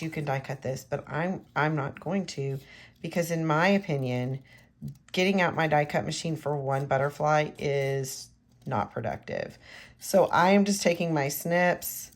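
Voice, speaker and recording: A woman demonstrating card making in a chatty tutorial, talking straight to the viewer and often dropping to a near-whisper as she works. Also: low voice. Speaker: craft demonstrator. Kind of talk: hands-on crafting tutorial.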